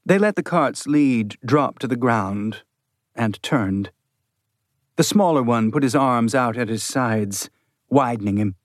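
A man narrates an audiobook in a measured, steady storyteller's voice. His pitch sits in the middle of the range. The recording is close and dry with no room sound. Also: no room sound. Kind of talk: scripted narration.

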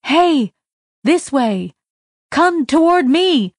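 A woman's voice: medium pitch, lively intonation, unhurried, husky, dry recording, studio quality. A woman voicing a kindly machine's protective voice. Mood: urgent calling. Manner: urgent then soft and reassuring, fussy about protocol.

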